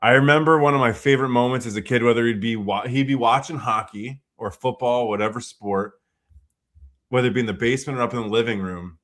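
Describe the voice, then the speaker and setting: A man's voice: medium pitch, a bit bright. A man co-hosting a casual livestream, telling rambling personal stories with a laugh. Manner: rambling storyteller, quick and chuckling.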